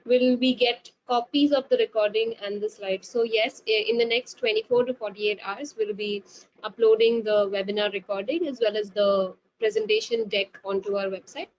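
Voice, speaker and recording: A woman's voice: mid-range voice, normal speed. A woman hosting a webinar, reading out audience questions politely with many fillers and repeated words. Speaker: webinar host. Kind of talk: moderating webinar Q&A. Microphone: video call. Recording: lo-fi web call with faint hiss.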